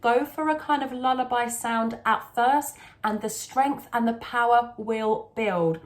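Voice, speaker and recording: A woman singing teacher, possibly from the UK, giving calm, encouraging instruction in a vocal lesson with sung demonstrations. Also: on the high side, unhurried.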